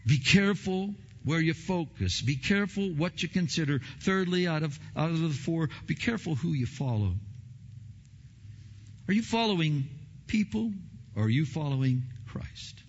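A man preaching a sermon as pastor, emphatic, often repeating words and swinging between loud and soft. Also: a little high, animated, moderate pace. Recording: long hall reverb, dull lo-fi sound.

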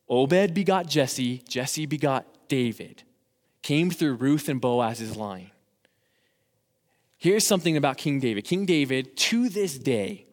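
A man preaches to young people with a fairly high voice, pressing each point hard and building to urgent appeals. His words ring out with a long reverb through a church hall. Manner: emphatic, rising to urgent exhortation. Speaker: youth pastor. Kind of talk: sermon.

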